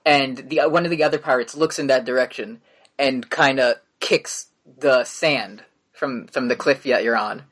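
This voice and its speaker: A man's voice: medium pitch, normal speed, fairly bright tone, slightly rough. A man narrating as game master in a tabletop game, casual and full of fillers. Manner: casual, hesitant with many fillers.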